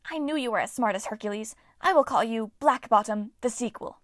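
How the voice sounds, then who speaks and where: Woman doing a squeaky greedy dwarf dude, wails a lot, loud. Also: brisk, dry recording, clean studio sound, lightly acted. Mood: eager. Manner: wailing, eager. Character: excitable greedy little male dwarf prankster.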